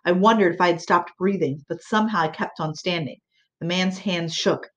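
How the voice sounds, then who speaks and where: A woman narrating an audiobook in a measured, earnest way. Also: lowish voice, dull audio, slight background noise.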